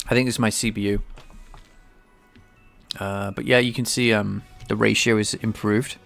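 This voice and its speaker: A man talking through his coding on a casual livestream, pausing and restarting as he thinks aloud. His voice sits low with a gravelly fry, and faint music plays underneath. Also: fairly even intonation, a bit bright. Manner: thinking aloud, halting, many restarts and fillers. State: sneezing, a bit stuffy. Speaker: livestreaming game developer.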